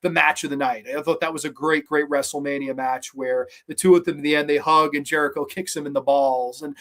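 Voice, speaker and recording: A man hosts a podcast, rambling through a casual review of a horror movie. He talks bluntly and swears freely, with lots of fillers and restarts, in a voice a little higher than most men's. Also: steady tone, fairly quick, fairly bright tone. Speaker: podcast host.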